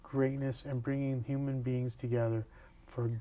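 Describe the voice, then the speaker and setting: Male interviewer, mellow tone, earnest and halting, often restarts questions. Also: mid-range voice, level tone.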